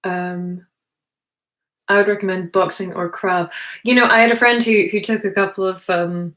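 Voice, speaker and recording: A woman's voice: mid-range voice, fairly even intonation, normal speed, a bit bright. A woman hosting a livestream, chatting casually and reading chat messages aloud. She is self-deprecating and laughs often. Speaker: livestream host answering chat. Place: indoor room, sitting on the floor. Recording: roomy echo.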